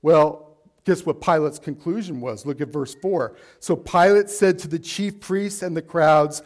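Man, pastor, high voice, emphatic sermon, rhetorical questions, church. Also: a little slow.

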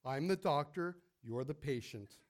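A man voicing a gentle, sorrowful male doctor who speaks softly and heavily. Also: a little high, lively intonation, a little slow. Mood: somber. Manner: soft and heavy-hearted. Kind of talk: sermon storytelling.

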